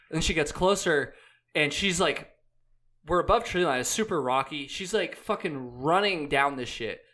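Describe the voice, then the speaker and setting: A man's voice: fairly high pitch, moderate pace, pushed and bright. A young man telling a long hiking story in a loose, rambling way, full of "like"s, restarts and casual swearing. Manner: rambling, many "like"s and restarts, laid-back swearing. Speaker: hiker and podcast guest.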